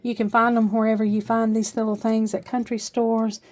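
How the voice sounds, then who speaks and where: In a casual show-and-tell vlog, a woman with an Appalachian accent chats homily through her decorations at home in her kitchen. Her voice is on the high side and darkish, with little pitch movement and a normal speed. She comes across as homey and chatty, dropping frequent "uh" fillers.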